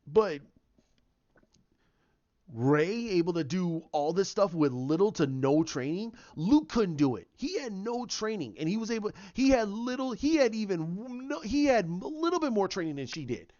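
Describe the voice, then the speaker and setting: A man giving a casual spoken movie review, excited and rambling, restarting and repeating his words. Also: sits high, normal speed, muffled recording. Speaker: film reviewer.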